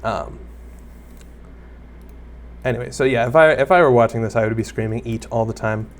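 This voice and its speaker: A man's voice: mid-range voice, moderate pace, a little hiss or hum. A young man giving casual Let's Play commentary, rambling and self-deprecating as he chats to viewers and the creatures on screen. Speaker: gaming YouTuber.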